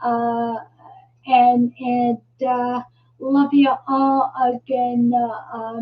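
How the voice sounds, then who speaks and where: High, unhurried woman host, rambling live-stream chat, heard from a distance on a dull lo-fi mic. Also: level tone. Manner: rambling, halting, many restarts and fillers.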